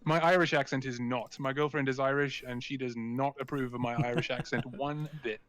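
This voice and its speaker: A man's voice: medium pitch, fairly even intonation, a little fast, fairly bright tone. A man co-commentating on a live sim race while racing himself, easygoing and jokey. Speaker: co-commentator who also races. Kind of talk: casual live-stream banter.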